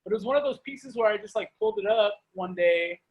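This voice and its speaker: A man's voice: sits high, fast talker, rough recording. A middle-aged man, a performance poet, doing a comic spoken-word reading over a video call. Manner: animated, comic delivery.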